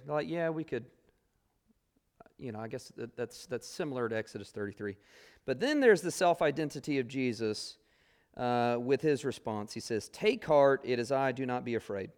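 A man leads a Bible class, reading passages aloud and then talking through them with frequent "uh"s and restarts. His voice is smooth and resonant, with a middle pitch and a relaxed, conversational delivery. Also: moderate pace. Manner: conversational, many fillers, reads scripture aloud then explains. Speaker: Bible teacher.

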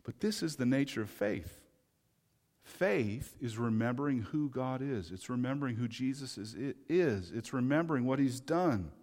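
A man's voice: mid-range voice, expressive, moderate pace, a little mellow. A man delivering a sermon, pressing his listeners with rhetorical questions and swelling with passion as he builds each point. His mid-range voice rings out with a long reverb tail. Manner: impassioned, rhetorical questions, acts out quoted voices. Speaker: pastor.

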